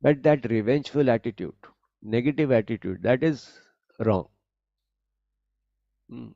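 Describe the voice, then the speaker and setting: A man giving a spiritual discourse on scripture, speaking deliberately and explaining each point, often rephrasing as he goes. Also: medium pitch, expressive, gravelly, dark tone, dry recording, dull audio. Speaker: spiritual teacher.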